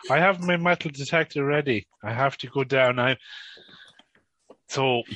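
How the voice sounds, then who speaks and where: A man's voice: mid-range voice, moderate pace, a bit bright, dry recording. A man with an Irish accent, a podcast guest chatting casually and telling rambling stories with frequent laughter. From northwest Ireland. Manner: rambling storyteller, laughs often. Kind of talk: casual chat. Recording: dull, dry lo-fi sound.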